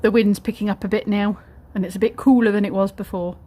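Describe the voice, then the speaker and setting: This mother and vlogger talks fast in a mellow, medium-pitched voice with fairly even intonation. Out in the back garden, she chats casually and plays with babies, cooing to them in a sing-song way, all captured on noisy home video.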